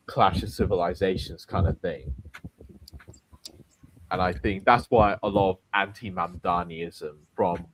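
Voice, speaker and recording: A man with a very deep voice talks through political points in a steady, explanatory way. A faint hiss runs under the recording. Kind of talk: casual political discussion.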